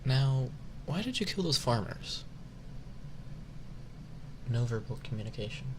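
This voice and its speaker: A man's voice: mid-range voice, big pitch swings, unhurried, darkish tone. A man playing a stern male interrogator who gives curt commands. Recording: background noise hiss.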